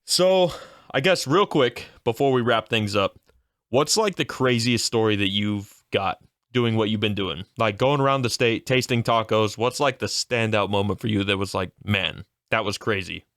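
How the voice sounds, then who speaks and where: A man's voice: fairly low pitch, moderate pace, dry recording, studio quality. A man hosting a podcast, chatting casually and asking his guest questions. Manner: relaxed, asks questions to move the talk along. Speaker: podcast host.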